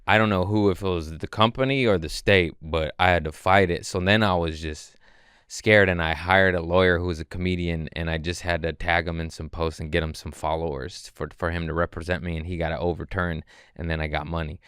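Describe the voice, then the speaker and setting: A young man chats as a podcast guest, piling stories on top of each other with crude jokes and quick restarts. His voice sits a little low and sounds smooth and clean. The recording is close and dry. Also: no echo. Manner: rambling, excitable storyteller, crude humor. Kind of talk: casual podcast chat.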